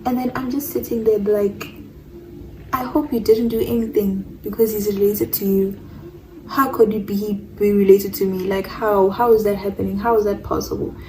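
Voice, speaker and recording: A woman's voice: medium pitch, level tone, moderate pace, dark tone, distant mic, a little hiss or hum, low-quality recording. A young woman telling a personal story in a casual storytime, rambling, repeating herself and stumbling over words. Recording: voice a bit off-mic.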